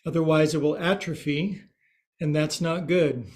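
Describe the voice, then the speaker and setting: Slow, high-voiced man leading yoga. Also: fairly even intonation, darkish tone. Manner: counts poses aloud and jokes about words. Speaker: yoga teacher. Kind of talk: guided yoga class. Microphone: livestream from his own space.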